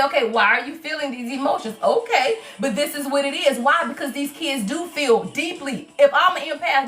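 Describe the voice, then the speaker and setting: A woman giving a casual livestream tarot reading in an animated, preachy way, often checking in with "right?" and "y'all". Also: high-pitched, distant mic. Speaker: tarot reader and spiritual advisor.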